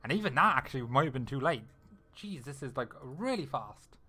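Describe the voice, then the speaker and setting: A young man giving solo live commentary on a strategy game match, excitable and quick to react, with frequent laughs. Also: mid-range voice, breathy edge. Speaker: esports caster.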